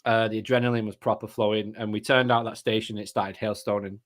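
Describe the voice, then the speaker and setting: A man's voice: on the low side, level tone, fast talker. A man from England, a podcast co-host, telling stories in casual chat with plenty of slang and frequent laughter. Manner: chatty storyteller, slangy, laughs often.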